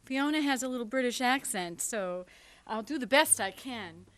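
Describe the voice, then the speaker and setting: A woman's voice: on the high side, expressive, moderate pace, a bit bright, no echo. Woman giving a chatty acceptance speech. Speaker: award recipient and show producer. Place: TV studio event.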